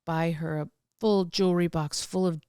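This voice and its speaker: A woman's voice: lowish voice, steady tone, normal speed, warm tone, clean tone, no echo, studio quality. A middle-aged woman telling candid personal stories as a podcast guest, rambling with restarts and laughs.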